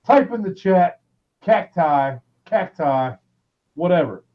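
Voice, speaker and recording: A man hosting a livestream in a casual rant, loud and excitable, swearing constantly and shouting people's names. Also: high voice, slow pace, muffled recording. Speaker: livestream host.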